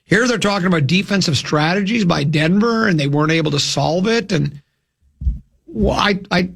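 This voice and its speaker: A man's voice: high voice, normal speed, creaky, a bit bright, husky. A man hosting a sports radio show, talking casually and rambling with restarts and dry self-mocking asides, from a studio microphone.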